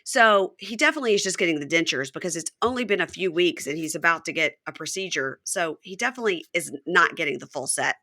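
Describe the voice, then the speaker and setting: A woman's voice: fairly low pitch, fast, hardly any pauses. A woman hosting a podcast, recapping a reality show in casual chat and acting out the people she quotes. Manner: acts out quoted lines in animated voices, swears casually. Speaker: podcast host.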